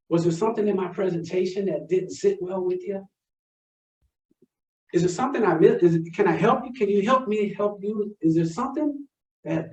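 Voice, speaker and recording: A high-voiced man teaches sales through stories, acting out both sides of his phone calls. He sounds roomy and set back from the mic, with a slightly dull tone. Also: a little mellow, distant mic. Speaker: sales trainer. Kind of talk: motivational storytelling talk.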